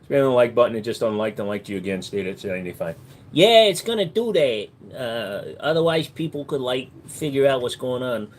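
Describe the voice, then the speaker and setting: A man's voice: mid-range voice, very animated, brisk. A man hosting a casual livestream, answering chat with crude, profane, mocking banter. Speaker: livestream host.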